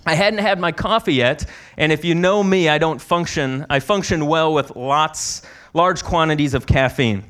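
Slightly high-voiced male preacher. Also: normal speed, a bit bright. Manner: conversational storytelling with restarts. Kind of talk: sermon. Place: conference hall.

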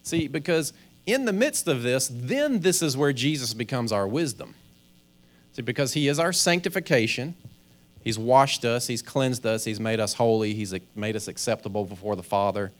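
A man's voice: medium pitch, animated, normal speed. Man preaching in a conversational way. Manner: conversational preaching, acts out inner voices, stammers on restarts. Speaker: pastor. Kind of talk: sermon.

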